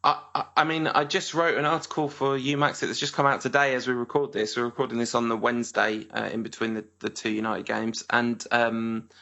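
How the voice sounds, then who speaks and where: A man's voice: mid-range voice, level tone, brisk, creaky, hardly any pauses, bright, forceful tone, muffled recording. A man hosting a casual podcast, talking in a hesitant way with frequent fillers and self-corrections. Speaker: podcast host.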